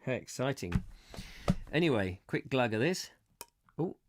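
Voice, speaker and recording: A man's voice: medium pitch, sing-song, a little slow, noisy background. A man hosting a live book reading, playful and jokey, stopping to greet viewers and chat between passages. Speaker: host reading a book aloud on a livestream.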